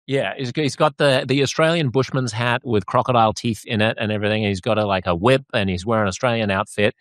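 A man's voice: medium pitch, quick pace, a bit bright, no echo. A man hosting a podcast who talks in a casual, rambling way and laughs as he goes. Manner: rambling, chatty, laughs while talking. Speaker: podcast host. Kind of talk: casual conversation.

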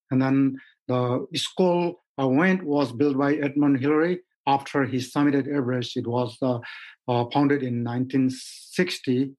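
Halting man from Nepal, guest. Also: medium pitch, a little mellow, poor audio. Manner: halting, many fillers, simple grammar. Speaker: mountaineer guest. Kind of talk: interview answers.

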